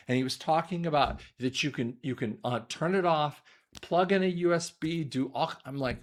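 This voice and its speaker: A man, an audiologist, giving a rambling monologue commentary to his viewers, often repeating words, restarting sentences and clearing his throat. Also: a little high, normal speed.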